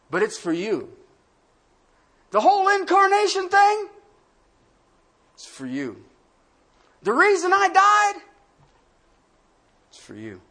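A man pastor preaching a sermon, swinging from hushed, quiet lines to loud, acted-out quotes. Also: very high-pitched.

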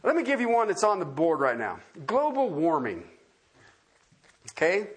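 A man's voice: high-pitched, huge pitch swings, moderate pace, breathy edge. A man preaching a sermon in a folksy, emphatic way, firing off rhetorical questions and repeating key words.

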